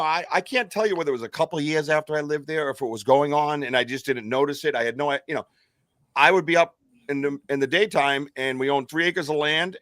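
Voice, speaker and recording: A man's voice: medium pitch, fairly bright tone, dry recording, clean studio sound. A man co-hosting a podcast, telling a long personal story in a rambling way, full of fillers and restarts. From United States. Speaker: podcast co-host. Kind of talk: casual storytelling.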